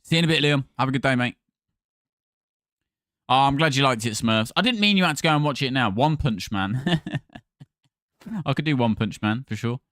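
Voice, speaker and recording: A man's voice: medium pitch, expressive, fairly quick, pauses often, a bit bright, dry recording, studio quality. A man hosting a gaming livestream, chatting casually and thanking viewers by name.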